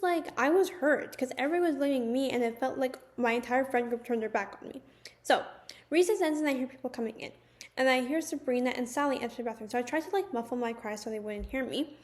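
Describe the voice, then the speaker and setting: A young woman telling a personal story in a casual, animated storytime manner, with lots of "like"s. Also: sits high. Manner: chatty, animated storytelling with many "like"s. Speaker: vlogger.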